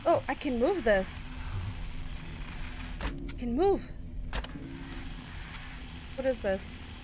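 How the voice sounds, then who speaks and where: A woman's voice: on the high side, big pitch swings, drawn-out words, noisy background. A young woman playing a horror fan game and commenting as she goes, talking to herself and her viewers, often gasping and easily startled. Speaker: gaming YouTuber.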